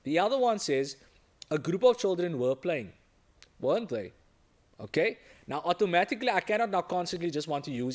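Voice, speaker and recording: A man's voice: on the high side, sing-song, brisk. A male teacher giving an exam-prep lesson, stressing key points and checking in with the class after every few sentences. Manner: emphatic, repeats key points, checks in with "okay?" and "right?".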